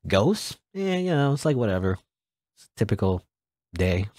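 A man's voice: fairly low pitch, sing-song, moderate pace, darkish tone. A man hosting a let's play, reading game dialogue aloud and adding joking asides. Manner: joking asides between read-out lines.

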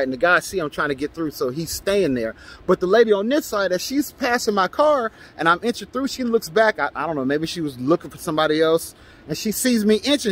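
A man vlogging, telling a personal story in a casual, animated way and acting out the shouts he traded with others. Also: sits high. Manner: animated, acts out his own shouts and quotes.

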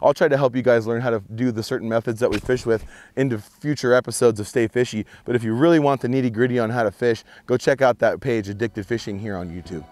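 A man hosting an outdoor fishing vlog from a boat on a lake, explaining casting tips and getting excited over his catches. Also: medium pitch, fast talker. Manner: excitable, whoops and shouts when fish jump.

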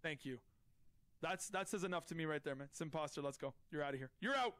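A man with a notably high voice gives running commentary while he plays a game on stream. He is excitable and loud, bursting out in shouts and saying the same words over and over, captured close on his own mic. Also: quick pace, no echo. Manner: excitable, loud outbursts, repeats himself. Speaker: streamer playing a social deduction game.

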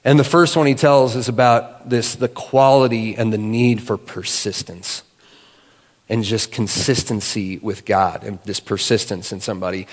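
A man giving a sermon as a guest pastor, telling a story in a relaxed, conversational way with casual fillers. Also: medium pitch, big-room sound. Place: church sanctuary.

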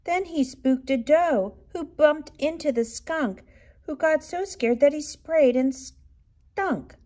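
Female reader, children's read-aloud, lilting and expressive, slightly high-pitched. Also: takes it slowly. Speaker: storybook reader.

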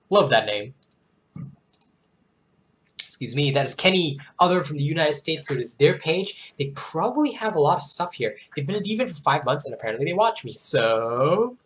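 A host with a worn-out, hoarse throat reads poems in an expressive, theatrical way. Between the pieces the talk turns casual, quick and self-deprecating. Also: medium pitch. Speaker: channel host reading viewers' poems. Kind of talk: dramatic poetry reading with casual asides.

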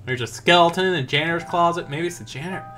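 A man's voice: fairly high pitch, racing, pushed and bright, faint music behind. A man doing jokey let's play commentary who rambles and talks to himself. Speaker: gamer.

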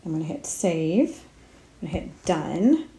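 A woman walks through an app tutorial step by step, narrating her own clicks as she goes. Her voice is mellow and soft at the edges. The sound carries the echo of a bare room. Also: lowish voice, very animated, unhurried. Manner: talks herself through each step, with fillers. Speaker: speech therapist. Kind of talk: screen-recorded app tutorial.

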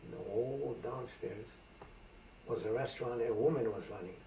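An elderly man in his eighties, from Macedonia, reminisces in an oral history interview, wandering from one story to the next with lots of fillers. His voice is gravelly and sits at an ordinary pitch. It was caught from a distance in a roomy, echoey space with a faint hiss underneath. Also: normal speed, warm tone. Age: 80s. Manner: rambling, anecdotal, with frequent fillers. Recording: roomy amateur tape, voice from a distance.

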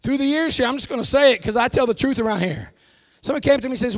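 A pastor preaching a folksy, emphatic sermon, often bursting into shouts. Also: male voice, extremely high pitch, fast.

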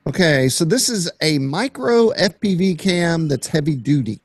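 A man's voice: a little high, expressive, moderate pace, husky, no echo, clean studio sound. A man co-hosting a casual hobby show, chatting eagerly over his video clips. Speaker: co-host. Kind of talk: casual chat.

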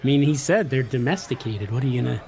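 A man's voice: medium pitch, fast talker, vocal fry, a crowd in the background. A man co-hosting a podcast in a casual chat, telling stories with energy and reading listener letters aloud. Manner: animated, jokey storyteller who reads out listener letters. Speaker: podcast co-host.

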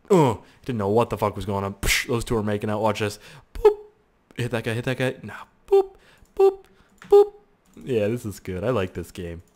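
A man in the middle of a gaming session, talking in a lively voice that swings high and low. He swears freely, yells at his game characters and pokes fun at himself. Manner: self-mocking banter. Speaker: gaming YouTuber. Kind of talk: let's play commentary.

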